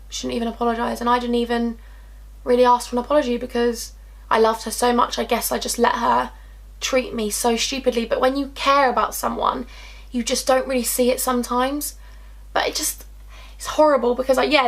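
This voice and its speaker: A young woman tells a painful personal story to her camera. Her voice sits fairly high, and she talks in a chatty, emotional rush. She packs it with "like" and repeats herself. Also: fairly bright tone. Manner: chatty and upset, lots of "like"s and repeated phrases. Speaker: vlogger telling a personal story.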